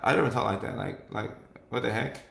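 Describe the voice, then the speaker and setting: Gravelly man in casual, rambling chat. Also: medium pitch, quick pace, a bit bright. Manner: loose and conversational, full of "like" and "you know" with many restarts. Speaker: host. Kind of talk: casual talk-show chat answering viewers. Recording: echoey room.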